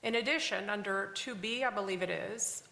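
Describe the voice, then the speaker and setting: A woman judge speaks in a measured, formal tone as she hands down a sentence. The courtroom audio is roomy, with a long reverb trailing her words. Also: medium pitch, creaky, pushed and bright.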